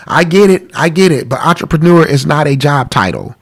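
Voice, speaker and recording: A man's voice: on the high side, lively intonation, fast, few pauses, fairly bright tone. A man hosting a live-streamed talk about money, congested from a cold, earnest and pleading, repeating himself. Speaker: podcast host.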